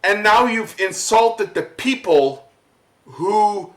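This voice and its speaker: Worked-up man ranting, halting and repetitive. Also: high-pitched, animated, fairly bright tone, reverberant, rough recording. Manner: worked up, halting, repeats himself. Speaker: vlogger. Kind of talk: angry rant to camera.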